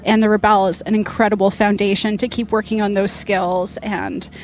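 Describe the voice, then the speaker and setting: A woman's voice: medium pitch, flat delivery, brisk. Young adult woman, enthusiastic rally competitor, loose filler-heavy delivery, recorded outdoors with light noise. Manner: chatty, upbeat, many fillers. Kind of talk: casual interview. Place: outdoors at an event finish line.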